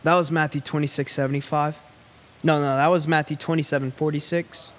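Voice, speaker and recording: A man preaching a sermon, earnest and pleading, with long dramatic pauses. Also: on the high side, level tone. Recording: long reverb of a large hall.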